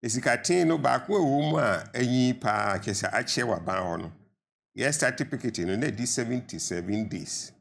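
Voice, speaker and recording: A man's voice: mid-range voice, expressive, normal speed, creaky. An older man with a Ghanaian accent, a pensioner guest in a studio panel debate, arguing earnestly and rising to emphatic appeals.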